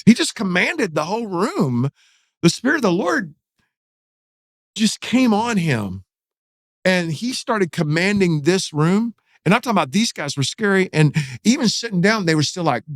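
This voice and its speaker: On a podcast, a pastor tells a story in a lively way, acting out what others said with rising pitch so his voice swings high and low. He keeps a moderate pace. The sound is dry and close, with no echo or room around him.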